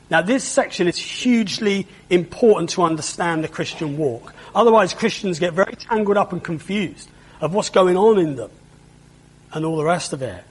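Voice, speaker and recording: A man with a high, slightly husky voice preaching a sermon. He speaks slowly and patiently, walks through the passage verse by verse and often turns to the listeners with rhetorical questions. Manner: explains patiently, asks the congregation rhetorical questions. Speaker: pastor.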